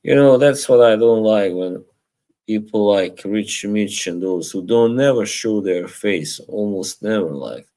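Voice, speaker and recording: A man's voice: fairly low pitch, unhurried, dark tone. A man hosting a casual live stream, rambling, chuckling often and reading chat aloud from home.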